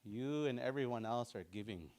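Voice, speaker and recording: A man teaches a language class with a medium pitch and an informal, relaxed manner. For the learners' benefit, he says words slowly and repeats them.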